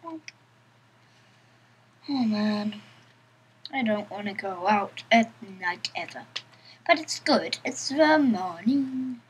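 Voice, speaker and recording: A woman's voice: mid-range voice, animated, takes it slowly, pauses often, slight background noise, low-quality recording. A woman giving casual let's-play commentary, chatting to herself in a playful, giggly way. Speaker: gameplay commentator.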